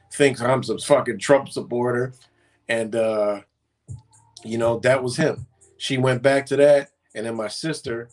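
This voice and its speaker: Blunt, profane man, slightly distant mic. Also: medium pitch. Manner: blunt, profane storytelling with slang. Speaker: live stream host. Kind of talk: casual livestream monologue.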